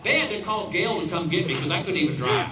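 A man in his fifties doing stand-up, telling a long story in a folksy way and quietly acting out the other people's lines. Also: high-pitched, animated, quick pace. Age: 50s. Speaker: stand-up comedian. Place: outdoor stadium stage. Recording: roomy, distant audience recording with crowd noise.

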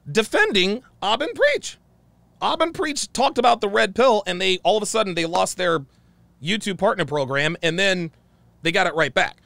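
A man's voice: high-pitched, creaky, bright, forceful tone, dry recording. A man telling a heated story in a profane monologue, acting out the dialogue he quotes. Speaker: channel host.

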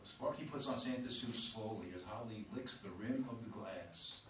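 A man's voice: lowish voice, normal speed. A man reading the stage directions aloud for an amateur play, plainly, with occasional slips. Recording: very echoey room, distant mic, loud noise.

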